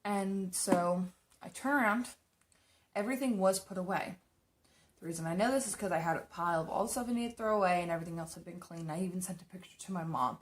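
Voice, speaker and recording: A woman's voice: on the low side, fast. A young woman casually telling stories while doing her makeup, chatty and rambling, swearing freely. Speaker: makeup streamer.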